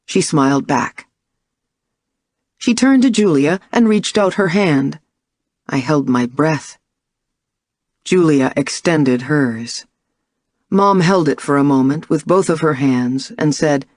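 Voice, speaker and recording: A woman narrating a first-person audiobook in a measured, expressive way. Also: low voice, dry recording, studio quality.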